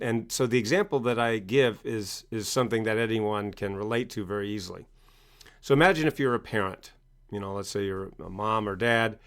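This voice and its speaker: A man, a coach and speaker, answering in an interview with lively storytelling. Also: on the low side. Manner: animated storytelling, acts out quoted parents loudly.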